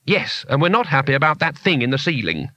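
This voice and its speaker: A man's voice: on the high side, big pitch swings, brisk, pushed and bright, no room sound. A man voicing a firm, blunt young woman in a storybook reading.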